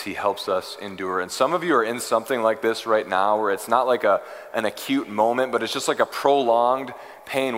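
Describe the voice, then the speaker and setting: Earnest preacher man in a reverberant hall. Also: mid-range voice. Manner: earnest, pleading, builds from hushed to emphatic. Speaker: pastor. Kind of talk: sermon.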